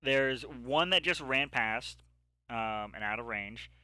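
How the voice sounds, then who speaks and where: Man, game master, tabletop narration, bright voice, dry close sound, halting with fillers. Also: mid-range voice, clean tone, no room sound. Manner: halting descriptive narration with many ums. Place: home setup, streamed live.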